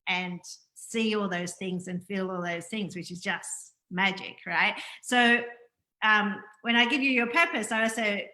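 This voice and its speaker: A woman's voice: medium pitch, unhurried, pushed and bright. A woman hosting a casual spiritual interview over a video call, effusive and rambling as she reads aloud and praises her guest. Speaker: interview host.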